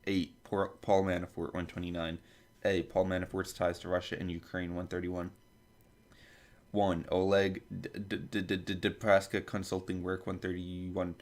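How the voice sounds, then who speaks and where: This male podcast host has a deep voice with little pitch movement and a moderate pace. Reading a lengthy table of contents aloud, he trips on foreign names, adds side comments, and coughs from a dry throat.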